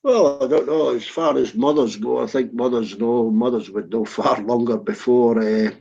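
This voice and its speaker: A man's voice: medium pitch, moderate pace, creaky, warm tone, husky, highs cut off. A man telling blunt, crude anecdotes on a video call, swearing freely.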